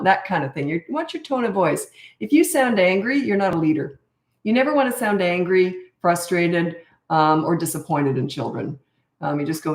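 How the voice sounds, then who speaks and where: A woman in her fifties, a parenting coach answering questions on a live stream, talking in a calm, plain-spoken way and sometimes acting out a firm, steady parent's voice. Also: fairly low pitch, normal speed, echoey room.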